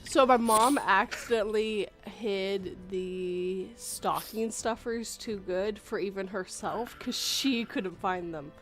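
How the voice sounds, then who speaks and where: A woman's voice: medium pitch, takes it slowly, few pauses, soft background music. A woman hosting a casual chat stream, self-mocking and laughing often. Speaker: stream host.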